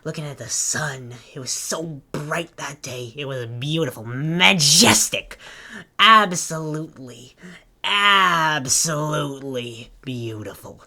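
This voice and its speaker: A woman's voice: low-pitched, animated, slow, sharp tone, full character voice. Woman doing a rambling, stammering hot dog guy. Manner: rambling, stammering, self-interrupting. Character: rambling, unhinged male hot dog storyteller. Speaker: voice actor auditioning. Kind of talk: casting call audition.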